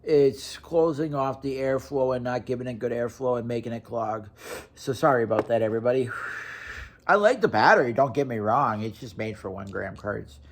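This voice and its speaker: A man's voice: medium pitch, normal speed, slight background noise. A young man from Wisconsin, ranting casually to camera with blunt, profane talk and lots of restarts. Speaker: vlogger.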